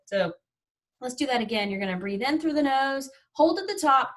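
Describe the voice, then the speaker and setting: A woman's voice: a little high, animated, brisk, fairly bright tone. A woman teaching an online mindfulness class, upbeat and chatty, guiding breathing exercises with frequent yawning.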